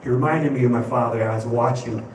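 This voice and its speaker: A man performing a stand-up comedy set, telling an animated story and acting out the people in it. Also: mid-range voice, quick pace. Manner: animated storytelling, acts out quotes. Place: comedy club stage. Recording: echoey club stage, distant noisy mic.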